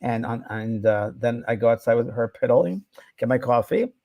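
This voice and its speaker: A man co-hosting a casual chat, rambling in a relaxed way with plenty of ums. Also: mid-range voice, moderate pace, dry recording, lo-fi sound. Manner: relaxed, rambling, full of filler words. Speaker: co-host, psychic medium.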